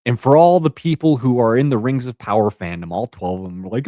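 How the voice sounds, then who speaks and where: A man's voice: mid-range voice, fast, hardly any pauses, dark tone, no room sound. A man in his thirties, a content creator, giving an unscripted, exasperated rant and repeating words for emphasis. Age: 30s.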